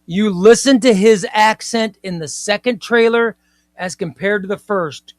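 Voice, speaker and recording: A man's voice: high voice, measured pace, no room sound. A man hosting a casual comics livestream, talking emphatically, repeating his points and reading viewer comments aloud.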